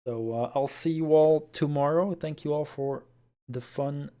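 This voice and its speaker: A man's voice: a little high, unhurried, mellow. Rambling male streamer signing off. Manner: rambling, hesitant, with many fillers. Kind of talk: casual stream sign-off chat.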